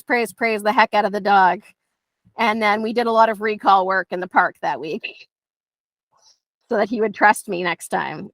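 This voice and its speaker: A woman's voice: mid-range voice, dry recording. A woman dog trainer teaching conversationally, telling stories and acting out dialogue in playful voices.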